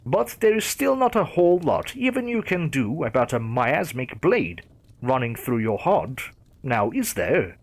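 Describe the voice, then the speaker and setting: A man's voice: mid-range voice, sing-song, measured pace. A man voicing a sly female killer who gloats in a sing-song way. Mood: taunting.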